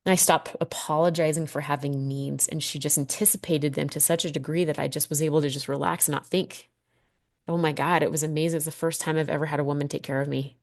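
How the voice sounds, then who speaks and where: Woman in her thirties, deep low voice, dry close sound, candid, heartfelt, casual swearing, podcast monologue. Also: steady tone, quick pace, vocal fry, no echo. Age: 30s. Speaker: podcast host.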